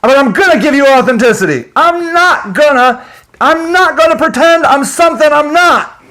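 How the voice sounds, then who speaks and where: A man rants with agitation and plenty of swearing, chuckling between his points. His voice sits high and leaps around in pitch as he goes. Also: expressive, normal speed, pushed and bright. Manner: profane, agitated, laughing between lines. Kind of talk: unscripted ranting monologue.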